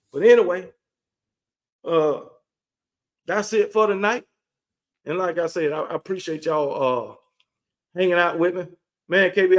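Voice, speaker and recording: A man hosting a casual live-stream sports chat, reading out player details and teasing rival fans with brash banter. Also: high-pitched. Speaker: host.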